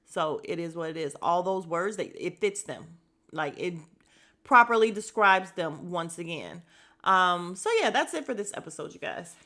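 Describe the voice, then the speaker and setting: Her voice lowish yet pushed and bright, a podcast host recaps a reality dating show with lively intonation at normal speed. She's blunt, chatty, and opinionated, swearing freely amid lots of fillers and asides.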